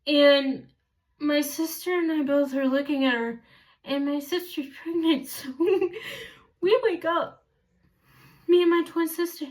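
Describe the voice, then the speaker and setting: Woman vlogger, high voice, unhurried, rambling storyteller, a bit far from the mic. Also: fairly even intonation. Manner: rambling, stops to correct herself. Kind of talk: casual storytelling.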